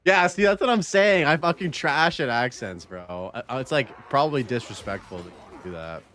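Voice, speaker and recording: A man's voice: mid-range voice, lively intonation, moderate pace, fairly bright tone. A man streaming a game, casually chatting with his viewers in a laid-back, rambling way. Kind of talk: casual gaming stream chat.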